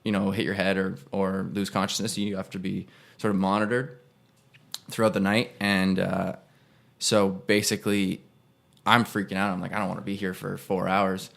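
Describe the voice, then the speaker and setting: A young man with a low, gravelly voice tells a personal story in a relaxed, casual way. He rambles and corrects himself as he goes. He slips into small voices when he quotes people. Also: normal speed. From Canada. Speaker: actor and podcast guest.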